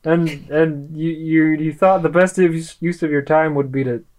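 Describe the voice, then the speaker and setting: A player in a casual tabletop role-play, making wry, deadpan remarks. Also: medium pitch, moderate pace.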